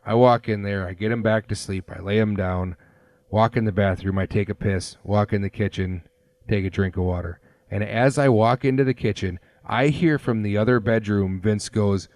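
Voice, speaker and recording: A man's voice: fairly low pitch, moderate pace, a little mellow, no room sound. A man in his thirties hosting a casual sports podcast, rambling through stories with plenty of fillers. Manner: rambling storyteller with many fillers. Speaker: podcast host. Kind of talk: casual chat.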